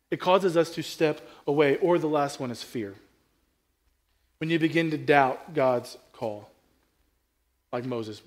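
High-voiced man preaching, conversational and emphatic. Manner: conversational, swings from quiet asides to loud emphatic peaks; repeats and restarts phrases, asks the crowd questions. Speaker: pastor. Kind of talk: sermon.

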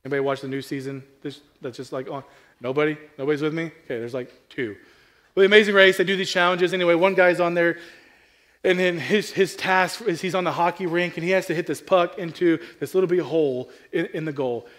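A man preaching a sermon in a casual, conversational way, asking the congregation questions and rising from quiet asides to loud, emphatic peaks. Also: a little high, fast talker. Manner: repeats and restarts phrases, asks the crowd questions. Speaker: pastor.

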